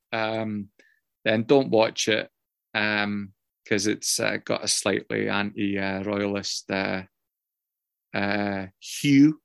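A man's voice: fairly low pitch, gravelly, a bit bright, smooth, dry recording, clean studio sound. Rambling, swearing man sharing a story. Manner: rambling, swears often, many fillers, self-mocking. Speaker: guest speaker sharing his story. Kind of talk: casual personal share to a group.

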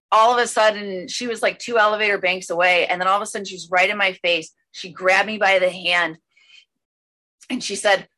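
A woman with a bright, clear voice sharing her own recovery story at an online meeting. She rambles, full of "um" and "like," then rushes ahead in quick, excited bursts. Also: mid-range voice. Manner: rambling, filler-heavy, with bursts of excited speed.

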